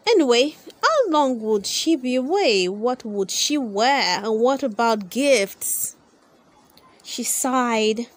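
Slow, expressive woman reading a storybook. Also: a little high, no room sound. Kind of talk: read-aloud storybook narration.

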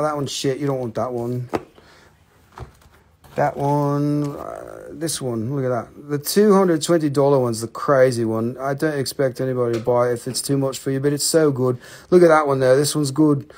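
Speaking casually into a handheld phone, a man runs a live-streamed sale of rocks and minerals, cracking jokes, ribbing his viewers and cursing without restraint. His voice is medium-pitched and a little mellow.

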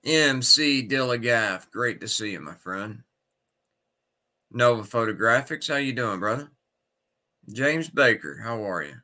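A man's voice: mid-range voice, animated, a little slow, pauses often, pushed and bright. A sick man hosting a casual livestream, greeting his viewers one by one by name. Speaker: livestream host.

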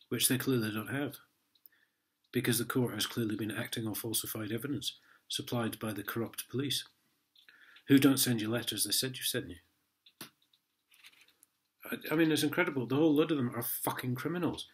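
A man's voice: mid-range voice, normal speed, long pauses, fairly bright tone. An Englishman in an angry vlog rant, swearing heavily and mocking a letter he reads aloud. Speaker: vlogger.

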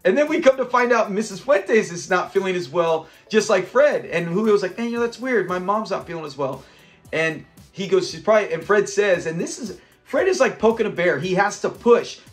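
A man from Southern California casually recapping a sitcom episode, chatty and quick to laugh as he acts out the lines. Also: sits high, expressive, faint music behind. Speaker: host of a sitcom review channel.

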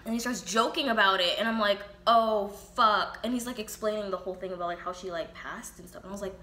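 She talks very fast, her mid-range voice bright and forceful, as this young woman vlogger candidly recounts a profane storytime and acts out everyone's lines, her own included. Expect roomy echo, faint ambience, and a little hiss or hum.

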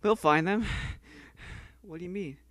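A man's voice: sits high, a bit bright, no echo. A man reading lines as a nervous young man who stammers through his words. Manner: stammering, halting.

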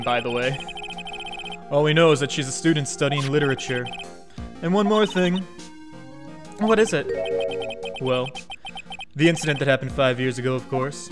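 A man streaming a game, joking around and reading the dialogue aloud in a rambling, casual way. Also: medium pitch. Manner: jokey, rambling, reads game text aloud. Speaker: let's play streamer.

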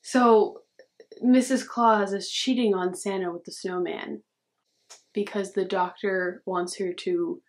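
A woman's voice: mid-range voice, fairly even intonation, slow pace. A young woman vlogging casually, reacting to memes with sarcastic, chatty commentary. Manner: sarcastic, says "dude" a lot. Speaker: YouTuber.

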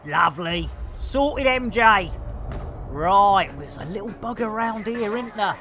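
A man with a Yorkshire accent streaming a game live, excitable, shouting taunts and British slang in bursts. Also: high voice, takes it slowly, crowd noise. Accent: English, Yorkshire. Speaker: gaming streamer. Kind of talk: live gameplay commentary. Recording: game music loud behind.

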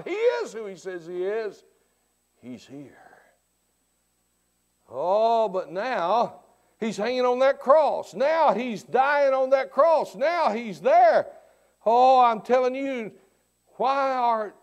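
A man preaching a sermon who swings from hushed tones to shouting and keeps repeating rhetorical questions in church. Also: sits high, very animated, slow pace. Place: church sanctuary.

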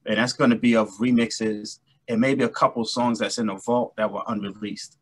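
A middle-aged man from New York City, a guest musician chatting casually and telling animated stories. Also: fairly low pitch, moderate pace. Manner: chatty, storytelling, animated anecdotes. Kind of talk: casual interview chat.

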